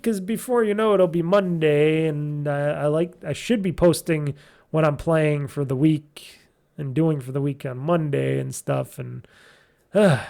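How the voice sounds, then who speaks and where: A man with a gravelly edge and a fairly high voice, hosting a gaming podcast. He talks loosely and chattily, full of "um"s and restarts, like a casual solo game review. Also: a little mellow.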